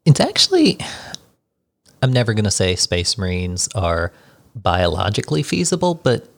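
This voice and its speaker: A man co-hosting a book club podcast in a studio, explaining details in a relaxed, casual way. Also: fairly low pitch, normal speed, vocal fry. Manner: explanatory, relaxed, reads passages aloud. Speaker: podcast co-host.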